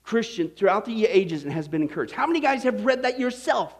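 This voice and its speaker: A man preaching a sermon as pastor, animated and interactive, often asking the audience questions. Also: sits high, a little fast.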